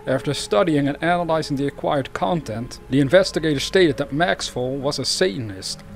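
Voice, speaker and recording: A man's voice: on the high side, moderate pace, vocal fry, faint music behind. A man hosting a true crime channel, reading cases aloud and breaking off into rambling, chatty asides.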